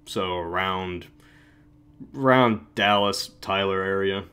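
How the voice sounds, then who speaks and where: Bright-voiced young man rambling casually. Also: deep voice, slow, clear, resonant tone. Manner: rambling, self-interrupting, laughs often. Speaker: channel host. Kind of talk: casual livestream chat.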